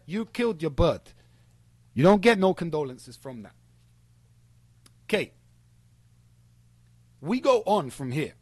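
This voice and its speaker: A man's voice: on the high side, slightly rough, no room sound. Profane, heated man ranting. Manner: heated, profane, sarcastic, mocking. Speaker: streamer calling out a rival. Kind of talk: angry callout rant.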